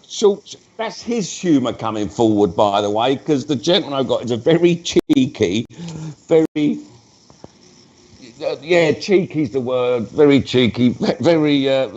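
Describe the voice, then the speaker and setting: A man's voice: medium pitch, a little mellow, dull audio. A man, working as a spiritualist medium at a live church service, talking in a chatty way and breaking off mid-sentence to address spirits. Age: 50s.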